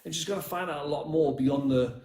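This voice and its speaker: A man's voice: fairly high pitch, fairly quick, darkish tone. Blunt rambling man in an echoey room. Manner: rambling, blunt, swears freely, addresses live viewers. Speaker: dating coach. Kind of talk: live stream coaching talk.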